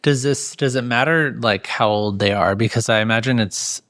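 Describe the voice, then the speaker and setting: A man's voice: mid-range voice, normal speed, fairly bright tone, dry recording, studio quality. A man hosting an interview, asking thoughtful, somewhat hesitant questions. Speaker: podcast host. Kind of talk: conversational interview.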